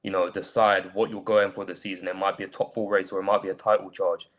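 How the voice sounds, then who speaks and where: A man giving measured, reasoned football analysis as a panelist on a fan show. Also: sits low, level tone.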